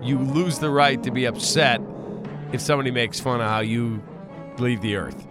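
Over background music, a man hosts a morning radio talk show, telling news stories with casual wisecracks and laughing easily. His voice is mid-range and steady at a moderate pace.

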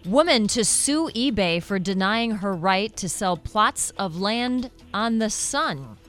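A woman's voice: medium pitch, lively intonation, takes it slowly, fairly bright tone, faint music behind. A woman co-hosting a radio quiz game, bantering and reading out headlines. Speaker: radio co-host.

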